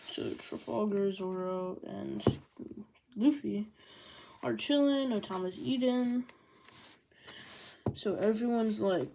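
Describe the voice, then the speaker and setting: A chatty woman talks through a manga volume in easy, casual chat. She is sarcastic and slips in quick impressions of the characters, and her voice has a gravelly, fry-heavy edge. A steady hiss and small clicks run under the recording. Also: mid-range voice. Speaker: manga reviewer.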